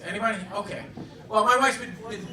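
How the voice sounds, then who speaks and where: A man in his fifties doing a stand-up comedy set on a club stage, with a halting, deadpan delivery full of fillers. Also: high-pitched. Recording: roomy club sound, audience recording from a distance.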